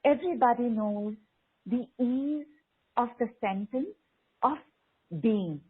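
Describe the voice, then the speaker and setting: A woman guiding a group call through spoken affirmations, slow and coaxing, repeating phrases and reading out messages. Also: fairly high pitch, breathy edge. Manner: slow, repetitive, coaxing, reads out participants' messages. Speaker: spiritual teacher leading a group call. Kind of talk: guided affirmation session. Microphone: online video call. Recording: phone-like online call audio.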